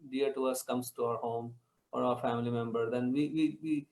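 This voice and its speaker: A man's voice: mid-range voice, fairly even intonation, fairly quick, a little mellow, rough recording. A man in an online scripture study group, explaining ideas through homely analogies over a video call.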